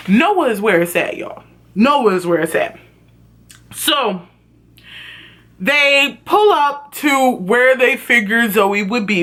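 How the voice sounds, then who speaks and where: A woman's voice: a little high, fairly bright tone. A woman recapping a TV series in a casual vlog. She talks in a profane, outspoken, gossipy way and speaks straight to her viewers. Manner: gossipy storytelling that addresses viewers directly. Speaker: TV series reviewer.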